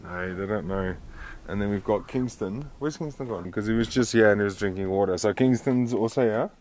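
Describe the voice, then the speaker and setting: A young man chatting casually to his camera for a travel vlog at an outdoor bush campsite, joking and relaxed as he narrates. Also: fairly low pitch, brisk, a little hiss or hum. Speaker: vlogger.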